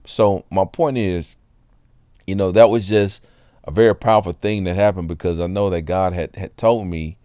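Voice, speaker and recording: A man's voice: deep voice, fairly even intonation, normal speed, dark tone, no echo, studio quality. A man sharing a casual Christian testimony in an earnest, rambling way, often checking that the listener is following. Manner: earnest, rambling, keeps asking "you know what I'm saying". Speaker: water delivery driver.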